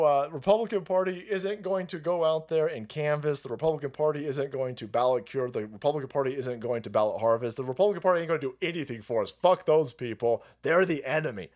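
A man's voice: on the high side, a little mellow. A man ranting through political commentary on a live stream, profane, rambling and mocking.

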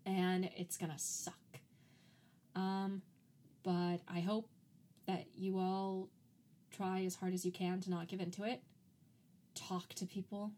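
A woman's voice: fairly low pitch, level tone, slow pace, pauses often, mellow. A woman co-hosting a podcast in casual chat, talking loosely with lots of "like" fillers and easy laughs. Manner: chatty, frequent "like" fillers, laughs easily. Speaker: podcast co-host.

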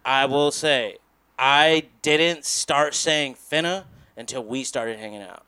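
A man's voice: medium pitch, slow, sharp tone, smooth. A man chatting casually, teasing the others and cutting in often, with some swearing. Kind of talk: casual chat.

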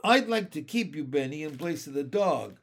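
A man's voice: a little high, sing-song, a little slow, pitched above the performer's own voice. A man reading aloud, voicing a kind, laughing young woman in a storybook. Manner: laughing, warm.

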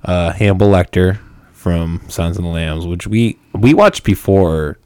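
A young man with a very low voice hosts a casual podcast, joking at his own expense and laughing a lot. The sound is dry and close, with no room echo. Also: lively intonation, a little slow, a little mellow, clear, resonant tone. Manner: jokey, self-mocking, laughs often. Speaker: podcast host. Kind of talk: casual chat.

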